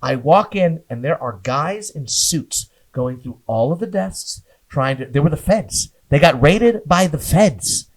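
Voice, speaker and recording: A man's voice: on the high side, lively intonation, a little slow, hardly any pauses, breathy edge, rough recording. Laughing storytelling man. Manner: rambling, laughs often, acts out voices in his stories. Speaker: podcast guest. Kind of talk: casual comedic storytelling.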